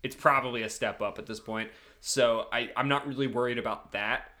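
Bright-voiced rambling football fan. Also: male voice, medium pitch, fairly even intonation, brisk. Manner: rambling, many restarts and fillers. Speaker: podcast co-host, Liverpool supporter. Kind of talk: casual football chat.

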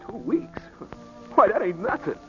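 An actor playing a shy, loyal young boxer, plain-spoken, in 1940s radio acting style. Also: male voice, high-pitched, sing-song, measured pace, bright, forceful tone, soft background music, exaggerated voice. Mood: tender. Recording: muffled old radio recording.

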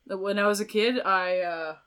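A young woman who plays violin is the guest on a podcast, her mid-range voice clear and resonant at a moderate pace. Chatting casually, she tells animated stories sprinkled with lots of filler words.

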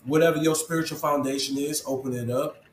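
A man with a slightly high voice talks earnestly in an interview, urging listeners like a preacher and calling them bro. His voice bounces around an echoey room, with a faint hum of ambience behind him. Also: fairly even intonation, fast. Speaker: interview guest, program founder. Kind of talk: casual interview talk.

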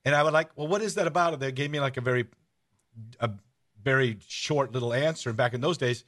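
A man hosting a radio-style podcast, telling stories in a casual, animated way. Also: mid-range voice, a little fast. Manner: storytelling, animated, shouts out rallying cries. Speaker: podcast host. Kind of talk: casual radio-show chat.

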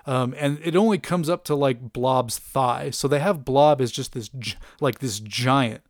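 A man's voice: mid-range voice, a little slow, dry recording, studio quality. A man casually chatting about a cartoon episode, enthusiastic and rambling with lots of fillers and laughs. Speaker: podcast host reviewing a cartoon. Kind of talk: casual chat.

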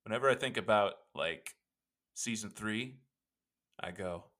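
A man's voice: fairly low pitch, measured pace, bright, forceful tone. A man co-hosting a podcast in casual chat, rambling and joking with many fillers. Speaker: podcast co-host.

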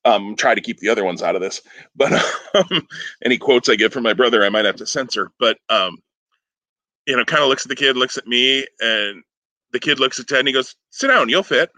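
A man's voice: medium pitch, fairly quick, sharp tone, no room sound, low-quality recording. A man hosting a podcast, telling a long rambling story in casual chat, often breaking off with fillers and chuckles. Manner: rambling, self-interrupting, chuckling. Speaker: podcast host.

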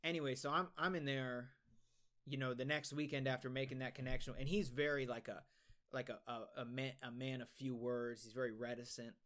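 A man's voice: medium pitch, fairly even intonation, fairly quick, fairly bright tone. A young man co-hosting a podcast, telling a long story in casual, rambling talk full of swearing and restarts. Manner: rambling, profane, many restarts. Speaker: podcast co-host.

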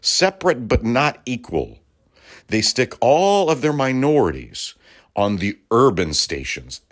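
A man's voice: medium pitch, very animated, a little slow, a bit bright. A middle-aged man from Los Angeles hosting a political talk-radio show, delivering a heated, profane and emphatic rant with sarcastic asides. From Los Angeles, United States.

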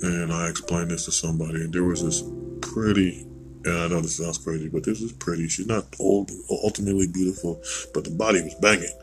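A man's voice: deep voice, flat delivery, a little fast, over music, low-quality recording. An American man hosting a podcast, rambling through a blunt, digressive opinion monologue with casual swearing. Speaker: podcast host.

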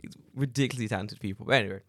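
Rapid-fire and lowish in pitch, a male podcast co-host tells stories in casual chat, acting out quotes and laughing frequently as he animates them. The recording is studio quality, with no echo.

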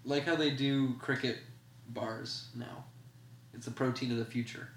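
A man's voice: mid-range voice, steady tone, measured pace, slight background noise. A man from Canada co-hosting a podcast, riffing playfully and laughing often in casual banter. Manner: playful, giggly, riffs on ideas. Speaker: podcast co-host. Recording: roomy echo.

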